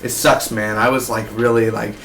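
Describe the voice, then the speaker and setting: A man's voice: fairly low pitch, little pitch movement, moderate pace, a bit bright, a little hiss or hum, rough recording. A man in his twenties giving a casual, rambling TV episode review, full of slang like "man" and "dude". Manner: slangy, loose, keeps saying man and dude. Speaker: TV show reviewer.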